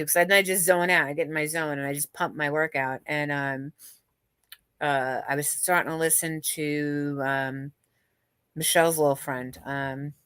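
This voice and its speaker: A woman's voice: deep voice, a bit bright, no room sound. A woman hosting a livestream, chatting casually and gossiping with viewers, swearing freely and often restarting her sentences. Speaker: livestream host. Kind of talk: casual chat with live viewers.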